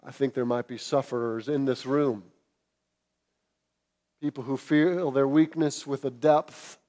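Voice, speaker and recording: A man preaching a sermon to his congregation, earnest, rising to loud emphatic peaks and dropping to hushed, tender lines. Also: mid-range voice, fairly even intonation, unhurried. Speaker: pastor. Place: church sanctuary.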